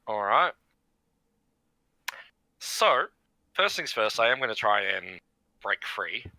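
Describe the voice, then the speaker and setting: A man's voice: fairly low pitch, very animated, takes it slowly, vocal fry, sharp tone, no echo. A man playing a tabletop game, talking hesitantly with many "like" fillers. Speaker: player.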